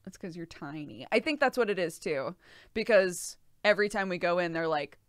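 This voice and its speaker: A woman's voice: fairly low pitch, lively intonation, normal speed, no echo, clean studio sound. A young pregnant woman streaming, chatting casually with her viewers, laughing often and swearing freely. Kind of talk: casual chat with live chat.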